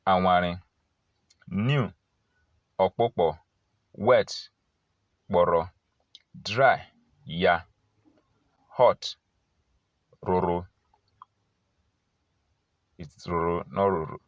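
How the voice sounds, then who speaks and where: A man teaching vocabulary, reading an English word and then its translation, one at a time, with pauses between. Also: low-pitched, no room sound. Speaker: language teacher. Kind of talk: reading a word list aloud. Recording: dull lo-fi recording.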